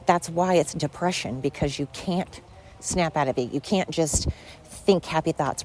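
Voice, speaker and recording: A woman's voice: on the low side, measured pace, a little mellow, slight background noise. A middle-aged woman hosting a casual, rambling podcast monologue while walking uphill, chatty and blunt, swearing freely and poking fun at herself, a little out of breath. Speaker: podcast host. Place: outdoors walking, yard work noise around.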